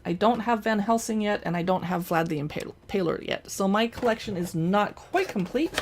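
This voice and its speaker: Animated and fairly quick, a woman with a medium-pitched voice hosts a casual show-and-tell. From indoors at home in front of a backdrop, she chats playfully while handling her books, toys and collectibles.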